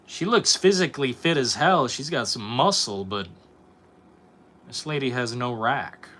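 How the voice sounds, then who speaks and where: A young man with a bright, forward voice chats loosely on a live stream, rambling and swearing as he reacts to his viewers. His pitch sits in an ordinary middle range for a man. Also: expressive, unhurried, slight background noise. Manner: profane, rambling, reacting to chat. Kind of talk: casual live-stream chat.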